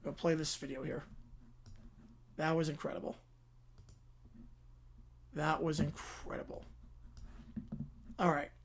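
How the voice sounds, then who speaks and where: Man quietly hosting a livestream. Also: on the high side, level tone, slow pace, long pauses, slight background noise. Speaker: livestream host. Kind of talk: casual livestream chat.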